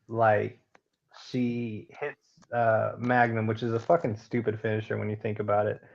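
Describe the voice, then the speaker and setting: A man's voice: lowish voice, flat delivery, normal speed, gravelly, dull audio. A man co-hosting a podcast, talking casually and a bit roundabout, often laughing. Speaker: podcast co-host. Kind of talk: casual chat.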